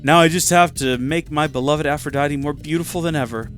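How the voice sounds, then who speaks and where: A man's voice: a little high, steady tone, fairly quick, soft background music, pitched below the performer's own voice, lightly acted. A man voicing a hotheaded, vain young man who rants in exasperation. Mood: angry, ranting. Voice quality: ranting, exasperated.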